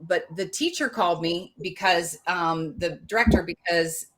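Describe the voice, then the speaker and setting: A woman in her forties co-hosting a podcast, telling a story in a casual, animated way, full of fillers and restarts. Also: lowish voice, measured pace. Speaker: podcast co-host. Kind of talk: casual chat.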